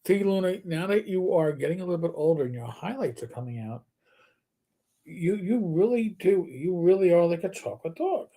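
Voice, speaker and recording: A man's voice: high-pitched, expressive, moderate pace, warm tone. A middle-aged man chatting casually as co-host of a live show. He rambles through anecdotes, stumbles and restarts, and breaks into playful impressions along the way. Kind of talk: casual chat.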